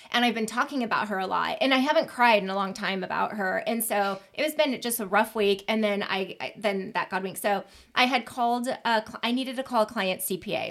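A chatty woman with a somewhat high voice co-hosts a relaxed podcast conversation. She tells stories, acts out both sides of the dialogue and laughs easily. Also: brisk, hardly any pauses. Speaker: podcast co-host. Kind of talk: casual chat.

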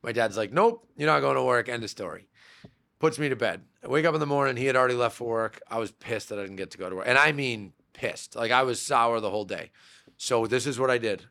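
Quick and sharp in a mid-range voice, a podcast guest from Massachusetts, USA, who owns a real estate brokerage, reminisces loosely about growing up. The interview is casual, and his speech is packed with fillers and restarts.

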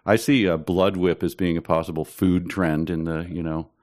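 Deep-voiced man joking dryly. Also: steady tone, normal speed, darkish tone, no echo. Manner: dry, joking, hesitant with fillers. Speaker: podcast co-host guessing. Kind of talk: casual chat.

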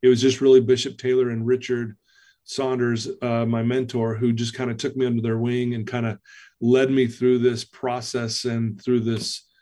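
Animated man telling his story. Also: mid-range voice, normal speed. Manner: animated storyteller acting out dialogue. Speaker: guest, personal-development coach. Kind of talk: storytelling in a podcast interview.

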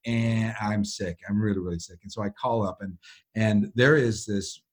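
A man with a husky, slightly breathy voice co-hosts a relaxed podcast. He tells his stories with animation and laughs easily as he goes. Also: lowish voice, normal speed. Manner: animated storyteller, laughs often. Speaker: podcast co-host. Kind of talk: casual podcast chat.

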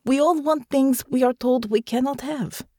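An earnest young woman soldier, voiced by a female audiobook narrator, speaking softly and formally with quiet resolve. Her voice sits low for a woman, and the recording is dry and close. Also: sing-song, unhurried, dry recording. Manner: soft, sincere, formal phrasing. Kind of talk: audiobook character voice.

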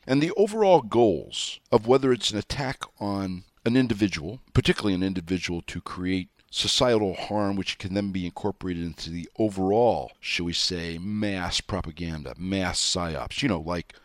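A man's voice: sits low, moderate pace, hardly any pauses, dry recording, studio quality. A middle-aged man hosting a talk show, delivering an emphatic monologue with sarcastic asides and spelled-out words. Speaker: show host.

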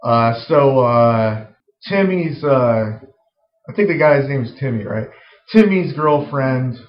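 A man casually pitching a film scene, rambling with lots of fillers and some swearing. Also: expressive, slow. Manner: rambling, full of "like" and "uh", profane. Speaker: screenwriter pitching a story. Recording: roomy, dull lo-fi recording.

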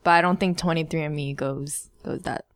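A woman guest on a podcast, chatting casually with tentative, trailing sentences. Her pitch is on the low side for a woman. The sound is dry and close to the mic. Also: fairly even intonation, brisk, smooth, no room sound.

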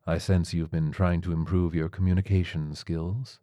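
A soft-spoken tiger surgeon, voiced by a man in a spoken story. He sounds measured and clinical and stays gently matter-of-fact. The voice is deep and the sound is dry and close. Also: flat delivery, no room sound, natural voice. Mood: calm.

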